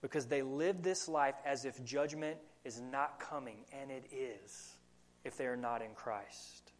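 In a medium-pitched voice at a measured pace, a young adult man with a Southern country accent preaches to his congregation as their pastor. He comes across as earnest and puts questions to the congregation.

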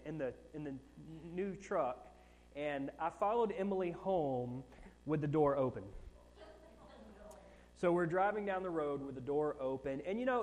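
A man in his thirties preaching from the pulpit, telling a self-mocking personal story with animated, rising and falling emphasis. His voice sits a touch high for a man, and it carries with a long reverb through a large church sanctuary. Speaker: pastor. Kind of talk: sermon.

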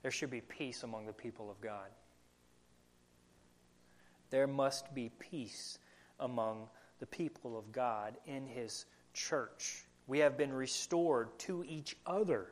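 A man's voice: medium pitch, takes it slowly. A young adult man with a country accent preaching a sermon as pastor, earnest and asking the congregation questions. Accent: American Southern country.

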